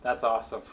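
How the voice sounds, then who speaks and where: A man co-hosting a podcast, giving short enthusiastic reactions to his friend's pitch. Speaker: podcast co-host. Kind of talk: casual chat.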